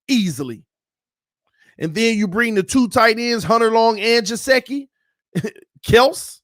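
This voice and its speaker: A fired-up man talks football straight to his viewers. His voice sits high and the sound is close and dry, with no room around it. He repeats his points, mutters low and then bursts into shouts. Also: no room sound. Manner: hyped, repetitive, swings from low muttering to shouting. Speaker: sports channel host. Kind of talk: fan commentary on football.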